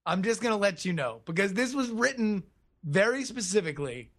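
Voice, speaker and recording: A man's voice: sits high, sing-song, brisk, a bit bright. A man co-hosting a podcast, riffing in a rambling, filler-heavy casual chat. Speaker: podcast co-host.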